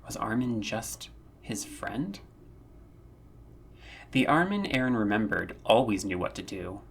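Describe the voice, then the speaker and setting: A man narrating a fan-written story, reading in a measured, earnest way that rises when the tension builds. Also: fairly low pitch, sing-song, slight background noise. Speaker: audiobook narrator.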